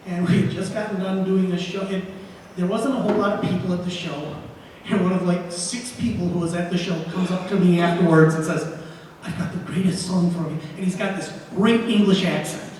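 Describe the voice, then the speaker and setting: Man, casual on-stage anecdote, fairly high voice, booming echoey hall, faint crowd. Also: steady tone, a little fast, darkish tone, distant mic, slight background noise. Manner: casual storytelling with restarts. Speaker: folk group member. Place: live gig in a gallery venue.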